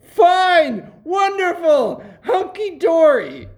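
A panicky middle-aged restaurant owner who keeps losing control of the situation, read by a woman. The voice is fairly high and very animated. The delivery is flustered and frantic. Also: normal speed. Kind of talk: play read-through.

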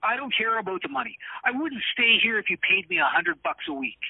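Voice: mid-range voice, very animated, a little fast, slightly rough. A reader playing a nervous, stammering male cook who fakes a French accent, in an amateur script reading. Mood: defiant. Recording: tinny phone-like line.

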